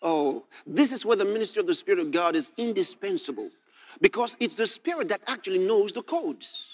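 A man preaching a sermon, explaining scripture verse by verse, often checking "all right?" and rising to shouts as he reads. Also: high voice, brisk. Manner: animated, rising to shouts when reading scripture.

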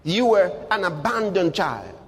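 A man preaching a sermon, emphatic, with big swings in loudness and a husky voice. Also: sits high, big pitch swings, measured pace. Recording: long hall reverb.

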